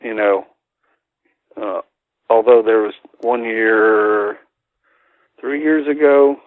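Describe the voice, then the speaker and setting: A man as a guest in a casual interview, talking in a relaxed, friendly way with fillers. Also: fairly low pitch, slow, dry recording. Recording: tinny phone line.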